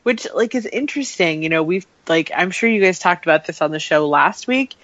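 A woman's voice: on the low side, animated, a little fast, a bit bright, dry recording. A woman joining a podcast panel, chatty and ready to explain things at length. Her voice comes through dry and a bit dull, like a lo-fi remote connection. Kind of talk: casual podcast chat.

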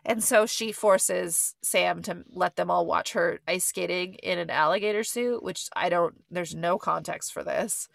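A woman hosting a podcast, recapping a movie in a casual, rambling way full of fillers and quick self-corrections. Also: on the low side, vocal fry, no echo, clean studio sound. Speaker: podcast host.

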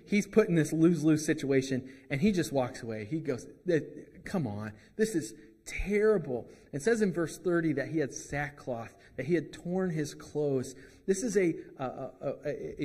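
A man's voice: on the high side, darkish tone, husky, long reverb tail. A man preaching a sermon as pastor, in a conversational way with joking asides.

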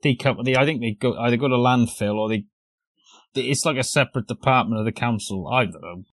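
A man's voice: medium pitch, fairly quick, a bit bright, no echo. A man, co-hosting a podcast and telling a story in casual chat, swearing and laughing as he goes. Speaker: podcast co-host.

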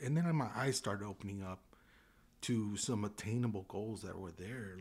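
A man in his fifties from Southern California tells his story as a podcast guest. His voice sits on the low side, and he slips in and out of the people in his story with lively acted lines. He keeps it loose and conversational. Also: unhurried, husky. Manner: animated, acts out dialogue in changing voices. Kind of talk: casual storytelling.

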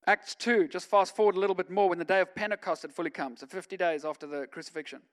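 A man, a pastor, preaching a sermon in a conversational way that swings from quiet asides to loud, emphatic stretches. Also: sits high, steady tone, quick pace.

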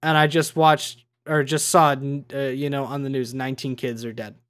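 A man's voice: medium pitch, little pitch movement, moderate pace, a bit bright, dry recording. A man in his twenties, co-hosting a podcast, ranting heatedly in casual chat and swearing freely. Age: 20s. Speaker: podcast co-host.

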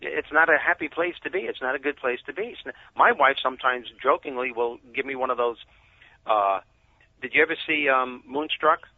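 A man, a guest author, telling animated stories in a casual interview over a muffled phone line. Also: mid-range voice, normal speed, no echo. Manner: animated storyteller.

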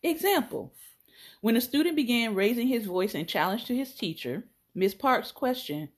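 A woman's voice: on the high side, lively intonation, moderate pace. Playful woman host reading aloud. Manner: playful, laughs between readings, chatty asides to viewers. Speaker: podcast host. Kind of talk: reading aloud from a phrase book on a live stream.

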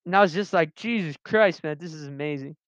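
Young man, high and smooth voice, dry lo-fi recording, rambling casual storytelling. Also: brisk, no room sound. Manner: rambling, self-interrupting, slangy. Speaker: vlogger telling personal stories. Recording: dull lo-fi sound.

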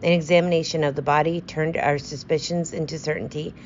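Woman reading an old mystery out loud, low voice, steady pace, dull recording with faint hiss. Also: brisk. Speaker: audiobook narrator. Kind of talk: scripted narration.

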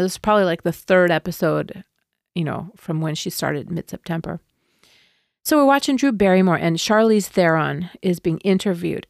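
A middle-aged woman telling a personal story in a rambling, conversational way, turning soft and tender at emotional moments. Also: lowish voice, gravelly, no room sound, clean studio sound. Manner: conversational, rambling with frequent fillers and asides.

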